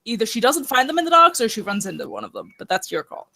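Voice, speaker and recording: A woman's voice: on the high side, wildly swooping pitch, fast, creaky, bright, forceful tone, no echo. A woman playing a tabletop game, talking casually. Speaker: player.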